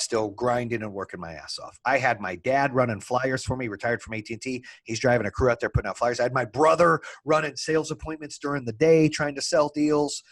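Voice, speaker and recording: Husky man telling a candid business story. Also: medium pitch. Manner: animated, swears casually, acts out both sides of conversations. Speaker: entrepreneur guest telling his story.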